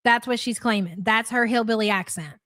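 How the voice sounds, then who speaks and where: A woman's voice: fairly high pitch, a little fast, fairly bright tone, no echo. A woman hosting a live reaction stream, blunt and sarcastic, swearing freely.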